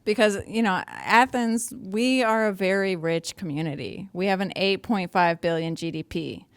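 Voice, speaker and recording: A woman's voice: mid-range voice, moderate pace, slight background noise. A woman on a panel, speaking bluntly with a sardonic edge. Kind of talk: casual panel talk.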